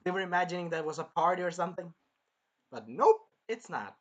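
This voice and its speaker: An excitable anime reviewer recaps an episode, acting out the characters' shrieks. The voice is bright and leaps around in pitch. The speaker rambles and restarts when a detail slips away. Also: fairly quick, muffled recording. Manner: animated, acts out shrieks and cries; rambling, loses track and restarts.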